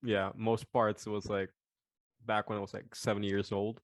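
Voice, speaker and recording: A man's voice: fairly low pitch, little pitch movement, normal speed. A man co-hosting a podcast over a video call, giving brief, laid-back replies. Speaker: podcast co-host. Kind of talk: casual podcast chat.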